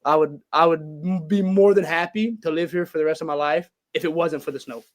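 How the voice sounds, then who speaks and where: A man with a Louisiana accent, a blend of north Louisiana twang and Cajun, talking from home on a podcast. He rambles through his stories with plenty of fillers and gets animated as he goes. His voice sits a little higher than most men's. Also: fairly quick. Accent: Louisiana, mix of north Louisiana and Cajun. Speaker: guest, pro wrestler. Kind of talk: casual podcast interview.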